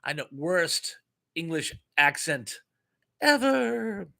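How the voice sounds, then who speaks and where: A middle-aged American man hosting a live chat stream. He has a bright voice pitched a little above the usual for a man, and he reads viewers' comments aloud in a chatty, jokey way. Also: big pitch swings, takes it slowly, gravelly. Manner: chatty and jokey, laughing often.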